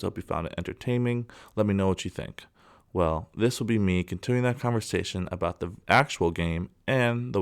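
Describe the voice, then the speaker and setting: A young man with a fairly low voice co-hosts a casual podcast. He tells his stories with lots of animation, often acting out what the crowd said and laughing along the way. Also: smooth. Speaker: podcast co-host. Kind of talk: casual chat.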